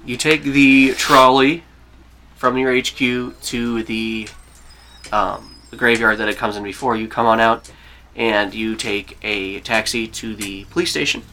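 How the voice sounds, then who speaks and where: A man narrating a tabletop game as game master, rambling and halting as he goes. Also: mid-range voice, fairly even intonation, pushed and bright, slight background noise. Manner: rambling, halting, with fillers and laughs.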